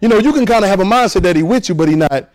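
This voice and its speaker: A man's voice: high-pitched, expressive, rapid-fire, a little mellow, low-quality recording. A man preaching a sermon, repeating phrases and leading his congregation in call and response.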